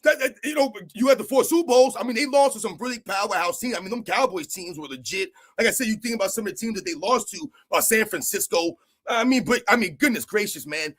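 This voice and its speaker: Middle-aged male sports ranter, very high voice, rambling and excitable, casual solo host delivery. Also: fast. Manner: rambling, excitable, peppered with "man" and "like I said".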